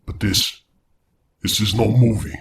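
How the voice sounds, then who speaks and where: A man's voice: fairly low pitch, fairly even intonation, unhurried, creaky, a little hiss or hum. A man voicing an erratic, vengeful male scientist in a horror audio story, using a put-on British accent. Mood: grave. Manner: grave, erratic, swings to frantic outbursts.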